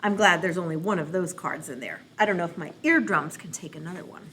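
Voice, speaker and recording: Woman, children's librarian, clear and bright tone, silly and encouraging, faint background noise. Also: fairly low pitch, fast. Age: adult parent. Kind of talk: playful read-aloud program for kids.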